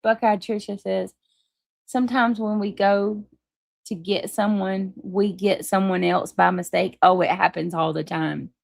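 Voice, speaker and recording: A woman hosts a casual livestream and reads out viewer comments between friendly asides. Her voice has a gravelly, creaky texture and sits in a middle register. The sound is dry and close, with no room echo. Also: mid-range voice, steady tone, unhurried. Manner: chatty, apologetic, laughs easily, restarts often. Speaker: livestream host.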